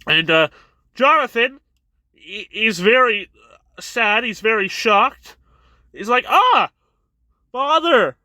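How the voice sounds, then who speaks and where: A man's voice: sits high, lively intonation, pushed and bright, dry recording. A man casually recapping and reviewing a manga chapter, rambling a bit as he retells scenes. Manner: rambling, retells scenes with quick quoted voices.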